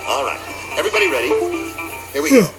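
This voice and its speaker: A man hosting a TV game show, teasing contestants with a jokey, drawn-out delivery. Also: sits high, huge pitch swings, gravelly, rough recording. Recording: old TV broadcast with loud music.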